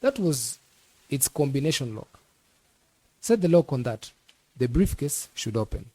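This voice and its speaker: A man's voice: mid-range voice, sing-song, measured pace, dark tone, no echo. A man reading an audiobook voices an impatient, commanding educated Nigerian man giving orders over the phone. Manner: impatient and bossy.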